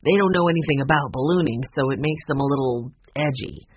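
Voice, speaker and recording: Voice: medium pitch, fast talker, breathy edge, muffled recording, close to an everyday voice. A narrator voicing a friendly young man, a balloonist, in a storybook reading, in a plain, easygoing way.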